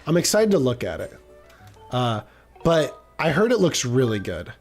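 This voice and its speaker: A man's voice: medium pitch, big pitch swings, soft background music. A man streaming a game, chatting casually and rambling off mid-sentence as he reads his chat. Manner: rambling, distracted, quick to trail off.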